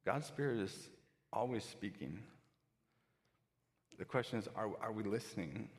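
Guy preaching in a church, kinda low voice, lots of restarts, big echoey hall. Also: expressive, unhurried. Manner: conversational, with frequent restarts. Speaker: pastor. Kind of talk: sermon.

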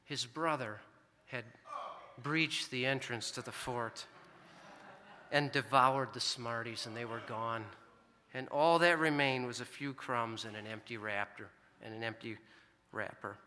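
A man's voice: medium pitch, unhurried, sharp tone, slight background noise. A middle-aged American man preaching a sermon, telling a family story in an earnest, conversational way. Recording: long hall reverb.

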